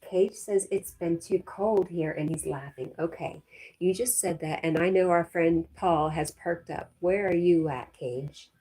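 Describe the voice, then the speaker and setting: Husky, mellow-voiced woman hosting a livestream. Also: on the low side, a little slow. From Connecticut, USA. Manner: reads viewer comments aloud, chatty, laughs often. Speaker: livestream host. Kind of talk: casual livestream chat.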